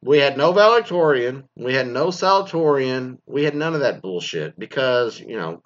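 A man in his forties, a former teacher from Texas, ranting bluntly with constant swearing and animated storytelling. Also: mid-range voice, moderate pace. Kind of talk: profane ranting monologue. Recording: slightly dull lo-fi recording.

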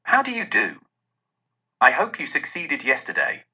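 An excitable old miser, newly generous and eager, as a man reads him. The voice is husky with a bright, keen edge and bounces through a wide pitch range. The recording sounds dull and lo-fi. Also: unhurried, full character voice.

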